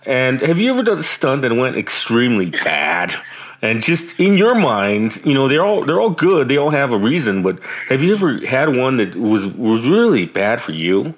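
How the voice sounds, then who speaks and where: A man's voice: medium pitch, big pitch swings, moderate pace. A male interviewer asking long, conversational questions in a casual interview. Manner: conversational, asks rambling questions. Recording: dull, lo-fi sound.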